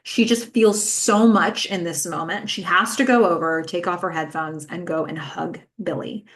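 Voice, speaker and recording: A woman's voice: on the low side, steady tone, normal speed, a bit bright. A woman hosting a podcast, giving a casual, chatty recap of a TV episode with frequent "like" and "um". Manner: chatty, fillers like "um" and "like". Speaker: podcast host.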